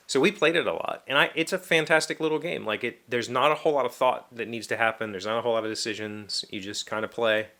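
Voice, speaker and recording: A man's voice: mid-range voice, bright, forceful tone. A man hosting his daily show, chatting casually while he works, rambling with plenty of fillers and restarts. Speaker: host of a daily video show. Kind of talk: casual chat while working.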